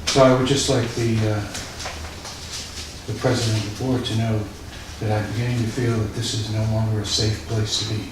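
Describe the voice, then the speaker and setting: A man on a library board speaks in a measured, formal way, sounding uneasy. He is picked up from across a reverberant meeting room, with room noise in the background. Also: lowish voice, little pitch movement. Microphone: distant camera. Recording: echoey room from far off.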